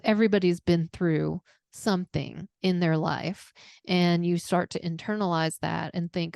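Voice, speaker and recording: A woman hosts a wellness conversation in a slightly low, gravelly voice. She talks very slowly in an earnest, reflective way and sounds moved by the subject. The sound is close and dry. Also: steady tone, darkish tone, dry recording. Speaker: podcast host. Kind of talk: heartfelt conversational interview.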